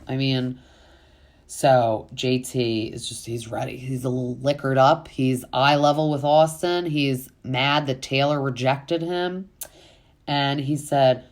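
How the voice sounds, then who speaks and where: A woman's voice: rumbling low, measured pace. A woman hosting a casual reality TV recap, chatty and full of fillers, with exasperated asides.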